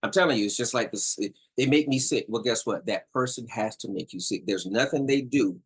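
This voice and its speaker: A man's voice: fairly low pitch, a little fast, fairly bright tone, slightly rough, low-quality recording. A middle-aged man giving a casual talk on relationship communication, emphatic and repetitive, often checking in with "all right?". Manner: emphatic, repeats points, asks "all right?". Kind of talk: casual instructional talk to viewers.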